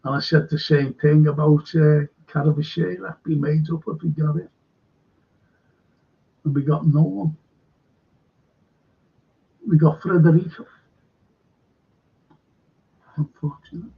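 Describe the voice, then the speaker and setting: Gravelly, husky man chatting. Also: a little high, fairly even intonation, unhurried, long pauses, lo-fi sound. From Liverpool. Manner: rambling, chatty, jokey asides. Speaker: host. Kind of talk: live fan chat show, reading chat questions.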